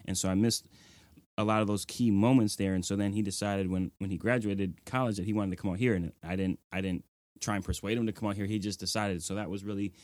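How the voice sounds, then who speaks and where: A man's voice: on the low side, steady tone, quick pace, a little mellow, dry recording. A young man, the guest of an interview, telling personal stories earnestly and filling his speech with "like" and "you know". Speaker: nonprofit executive director, guest. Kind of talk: reflective interview storytelling.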